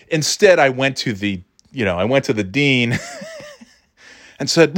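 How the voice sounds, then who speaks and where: A man's voice: medium pitch, lively intonation, a little slow, fairly bright tone. A man in his forties telling a story from his school days in a rambling, profane, self-mocking way. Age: 40s. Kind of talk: casual storytelling.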